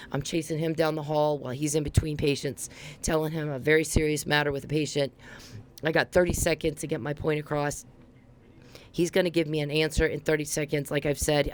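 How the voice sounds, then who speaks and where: A woman's voice: deep voice, slight background noise. A woman hosting a podcast, telling a rambling, heated story at speed and swearing freely. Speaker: podcast host. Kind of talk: casual monologue.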